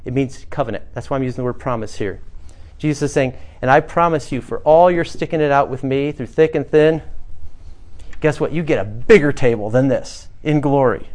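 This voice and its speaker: A man's voice: mid-range voice, a little fast, a little mellow. A man, the pastor, preaching a conversational sermon to his church congregation, building to emphatic passages. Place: small church, former bank building.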